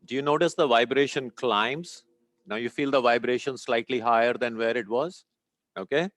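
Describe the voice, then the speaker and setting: A man guides a small group through a breathing and Om chanting exercise. He explains each step patiently and keeps checking in with the class. His voice has an average pitch and is recorded close and dry, with little room sound. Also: moderate pace, no room sound. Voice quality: sweating, a little warm. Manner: calm, instructive, checks in often with "okay?". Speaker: meditation teacher.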